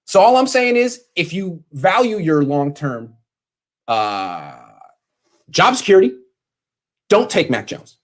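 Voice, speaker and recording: A man's voice: high-pitched, very animated, slow, pauses often. A man ranting sarcastically straight at the camera in a vlog from his bedroom, mocking and scolding as he talks. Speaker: sports commentator.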